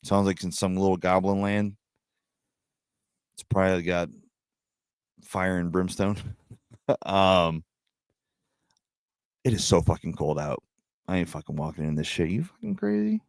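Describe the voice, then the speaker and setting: A man's voice: sits low, flat delivery, a little slow, pauses often, smooth, no echo, studio quality. A young adult man hosting a casual livestream hangout, talking in a laid-back, profane way and laughing often. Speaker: livestream host.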